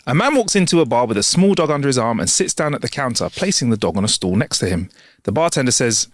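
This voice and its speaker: A man's voice: medium pitch, fast talker, no room sound, studio quality. A man co-hosting a comedy podcast, reading jokes aloud with playful character voices and plenty of laughter. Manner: reads jokes with lively put-on character voices, laughs a lot. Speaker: podcast co-host.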